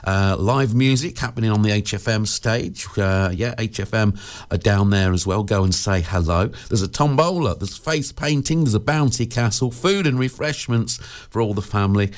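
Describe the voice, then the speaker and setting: A man's voice: fairly low pitch, normal speed. A man presenting local radio, chatting casually with plenty of fillers and restarts.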